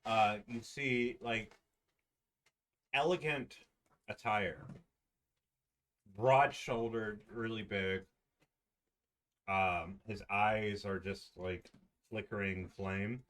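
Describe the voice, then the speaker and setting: A man running a tabletop game, describing the scene in a halting, casual way with lots of restarts and slang. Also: lowish voice, fairly even intonation, a bit bright. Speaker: dungeon master.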